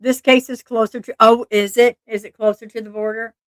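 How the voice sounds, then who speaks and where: A woman's voice: a little high, flat delivery, brisk, no room sound. A woman hosting a true crime livestream, telling a case in a casual, earnest way and turning often to talk to her chat. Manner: chatty, earnest, asides to chat, frequent restarts. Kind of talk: casual live-stream narration.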